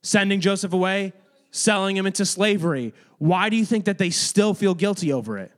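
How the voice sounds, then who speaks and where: With a group of children in the room, a man gives a loose, conversational Bible lesson as their youth or kids' ministry teacher, speaking to them directly. His voice sits high and runs a little fast.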